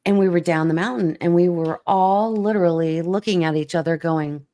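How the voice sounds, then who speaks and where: A middle-aged woman hosting a relaxed chat. Her voice sits low, and she tells her story animatedly, stumbling over restarts. When she acts out what people said, she jumps into a higher voice. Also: moderate pace, few pauses. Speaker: host. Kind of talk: casual chat, telling a story.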